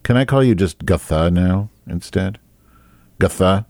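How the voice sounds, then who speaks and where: A very deep-voiced man hosts a live online talk show from his desk mic. He rambles, fiddles with his settings and teases his guest crudely. The sound is dry and close, with no room around it. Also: expressive, unhurried, a little mellow, no echo. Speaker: host. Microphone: desk microphone.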